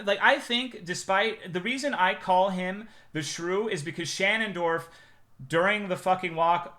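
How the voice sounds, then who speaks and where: A man's voice: high voice, fairly bright tone. A young man streaming, telling a long rambling story in casual, profane chat, with many fillers.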